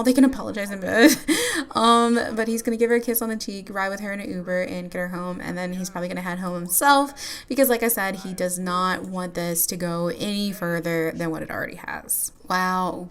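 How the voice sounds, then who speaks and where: Chatty woman narrating her game. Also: mid-range voice. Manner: chatty, giggly, lots of filler words. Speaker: gameplay YouTuber. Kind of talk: casual gameplay commentary.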